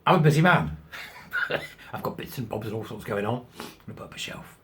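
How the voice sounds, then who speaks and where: A man's voice: mid-range voice, expressive, brisk, fairly bright tone. A middle-aged man hosting his own show, talking in a chatty, sarcastic way and laughing at his own jokes. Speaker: host. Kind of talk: casual commentary.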